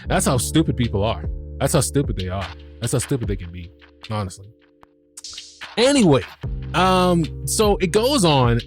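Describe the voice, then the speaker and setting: A man hosting a review podcast, talking in a loose and animated way. He swears freely, stumbles over restarts and fillers, and has a middle-pitched voice with faint music underneath. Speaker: podcast host. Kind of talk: casual episode recap.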